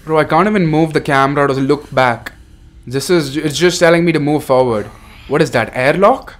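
Brief: young male gaming streamer, slightly high voice, excitable, swears a lot. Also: normal speed. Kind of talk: horror game commentary.

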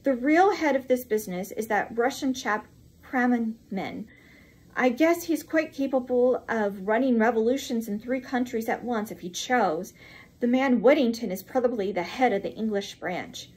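A woman's voice: fairly high pitch, normal speed, a little mellow, breathy edge, poor audio. A woman reading aloud and voicing a young American man who talks bluntly and with emphasis. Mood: emphatic.

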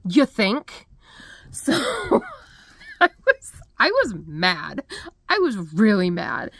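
A woman's voice: mid-range voice, wildly swooping pitch, extremely slow, gravelly, long pauses, fairly bright tone. A woman in a storytime vlog, chatty and exasperated, with lots of "like" and "um". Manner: many fillers like "like" and "um". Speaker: crafting vlogger.

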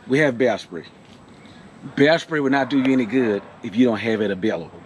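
A man, excitedly telling a camping story outdoors in a casual vlog. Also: medium pitch, fairly quick, lo-fi sound, a little hiss or hum. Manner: excited, animated retelling with frequent laughs. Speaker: vlogger. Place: outdoor campsite.

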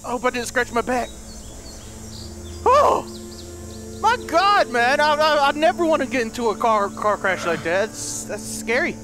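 A man doing loud, goofy, excitable commentary as he plays a game, often laughing. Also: very high-pitched, a little fast, hardly any pauses, over loud music. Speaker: let's play host. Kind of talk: gaming commentary.

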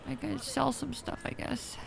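A woman's voice: sits high, fairly even intonation, moderate pace, creaky. A young woman streaming a video game, reacting emotionally and thinking aloud as she plays. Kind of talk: live gameplay commentary.

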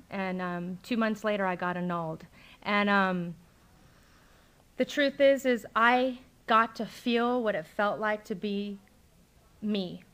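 A woman's voice: medium pitch, a bit bright. A young adult woman speaking at a recovery meeting, telling her own story candidly and with feeling, with many fillers. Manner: candid and emotional, with frequent fillers.

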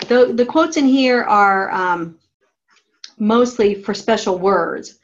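Woman, writing teacher, slow deliberate pace, step-by-step classroom instruction, slightly dull lo-fi audio. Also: mid-range voice. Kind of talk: classroom grammar lesson.

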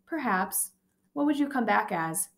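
A woman's voice: medium pitch, expressive, unhurried. A woman reading as a frail dying old professor. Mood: gentle.

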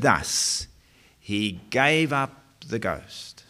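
A male pastor delivers a sermon at a very slow pace. His pitch swings widely, and he uses long, dramatic pauses and rhetorical questions. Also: very animated.

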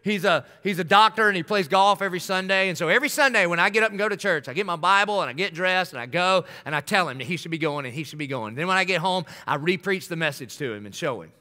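Man, pastor, sermon, humorous, acts out dialogues, bright forceful voice, long church-hall reverb. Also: high-pitched, fast talker, hardly any pauses. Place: large church auditorium.

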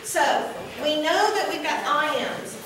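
High-voiced woman teaching a class. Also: animated, takes it slowly. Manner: questioning, checks in with okay often. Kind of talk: classroom lecture. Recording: echoey classroom from far off, noisy.

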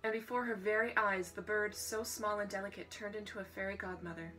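Woman, storybook read-aloud, casual, joking asides, medium pitch. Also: steady tone, over music, rough recording. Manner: quick, joking asides between reading.

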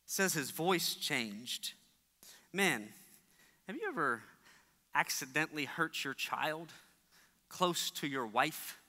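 A man's voice: big pitch swings, slow pace, pauses often, pushed and bright. A man preaching a sermon as pastor, telling stories and acting out the voices in them. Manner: storytelling, acts out voices with big pitch jumps. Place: church sanctuary. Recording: long church hall reverb.

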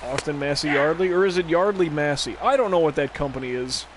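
A man's voice: fairly high pitch, brisk. A man rambles through a live game stream in a slightly raised voice, trading play calls for stray anecdotes. He swears freely and talks into a desk microphone at home. A faint hiss sits under his voice. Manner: rambling, profane, drifting off on tangents. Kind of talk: casual gameplay commentary.

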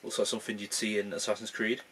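A man's voice: fairly low pitch, level tone, fast talker, bright, forceful tone, slightly rough. Young guy muttering through a guessing game, rambly, laughs at himself. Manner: thinks aloud, rambling, self-mocking. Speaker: gaming channel host. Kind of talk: casual gameplay commentary.

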